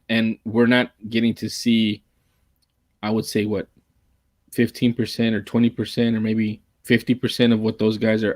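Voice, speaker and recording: A man co-hosting a casual sports livestream, talking in long rambling runs full of restarts and a self-described monotone delivery. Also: fairly low pitch, no room sound. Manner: rambling, restarts often, calls himself monotone. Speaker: podcast co-host.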